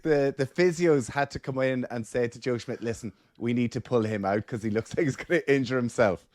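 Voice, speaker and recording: A man's voice: medium pitch, brisk, a little mellow, no room sound, studio quality. An Irish man in his forties co-hosting a casual podcast, chatty and self-mocking, laughing through his own stories. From Ireland. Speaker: podcast co-host.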